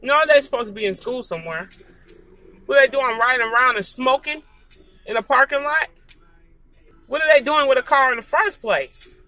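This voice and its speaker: A woman from Saint Paul speaks in a bright, pointed voice that sits a little high. She vents straight to her viewers in a heated, indignant rant, hammering the same points again and again. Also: moderate pace, long pauses, faint music behind, poor audio. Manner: heated, indignant, repeating herself for emphasis. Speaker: vlogger. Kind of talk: angry personal rant to camera.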